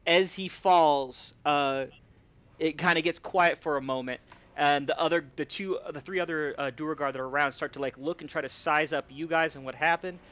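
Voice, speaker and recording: A man's voice: on the high side, steady tone, normal speed, a bit bright, clean tone, no echo. A man narrating a tabletop game as game master, casual and rambling with many fillers. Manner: rambling, lots of fillers and restarts. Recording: dull lo-fi stream audio.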